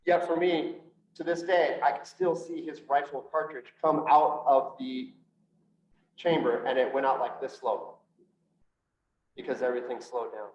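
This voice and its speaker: A man's voice: mid-range voice, steady tone, darkish tone. Earnest man recounting his story in a hall. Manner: earnest storytelling with quoted dialogue, slows for emphasis. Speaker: police officer and speaker on PTSD. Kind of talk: personal testimony talk to an audience. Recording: roomy echo from a distance, dull lo-fi sound.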